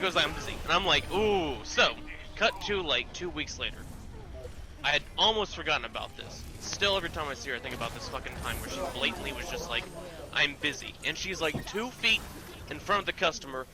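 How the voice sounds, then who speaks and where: A man's voice: a little high, poor audio. A man telling a work story in a casual, profane, rambling way with many fillers.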